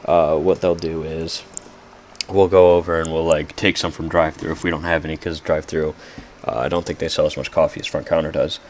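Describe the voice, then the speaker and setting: Very deep-voiced young man rambling. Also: level tone, brisk, a little hiss or hum. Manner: rambling, loses track, frequent "like" fillers; self-mocking humor. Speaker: podcast host. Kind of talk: casual rambling solo podcast.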